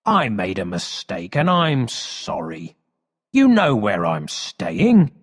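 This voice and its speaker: Man reading a story as a shifty thief making excuses, slow, lots of hall echo. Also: on the low side, wildly swooping pitch, exaggerated voice. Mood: pleading. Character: sly adult male thief, falsely apologetic. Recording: long hall reverb.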